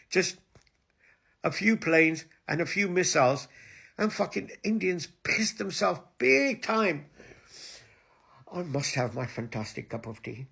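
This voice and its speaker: Man, crude mocking rant to camera, husky gravelly voice, slightly high pitch. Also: very animated, measured pace, pauses often, pushed and bright. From Pakistan. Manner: crude, mocking, switches between English and Hindi-Urdu. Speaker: online video host. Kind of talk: ranting monologue to camera.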